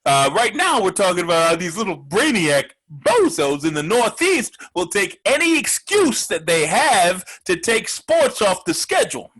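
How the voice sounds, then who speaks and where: A man plays a loud, foul-mouthed gambler hosting a sports show, ranting with a husky edge. His voice sits high for a man and swings wildly up and down, pushing every insult hard. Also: very animated, moderate pace, few pauses, exaggerated voice. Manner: loud, ranting, profane, mocking. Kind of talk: comedic sports rant.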